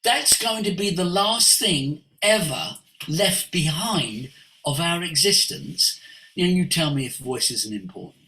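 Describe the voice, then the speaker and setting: A man's voice: a little high, a little slow. A man, a voice coach, giving a passionate, preachy teaching talk over a video call. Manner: animated and preachy, sweeping emphasis. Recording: roomy echo.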